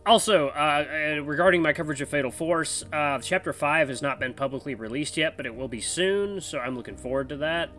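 A man's voice: fairly high pitch, fairly quick, hardly any pauses, fairly bright tone, faint music behind. A man hosting a let's play, chatting casually with giggly, self-aware asides.

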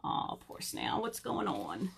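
A woman's voice: very deep voice, slow, vocal fry, husky. Playful woman leading kids' storytime. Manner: playful, animated, asks kids questions. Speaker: children's librarian. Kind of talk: virtual storytime for kids. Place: home or library, on video.

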